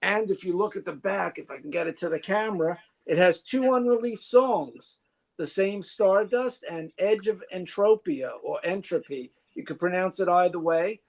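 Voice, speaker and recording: High-voiced man reviewing an album. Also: moderate pace. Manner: informative, reading off facts. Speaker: podcast co-host.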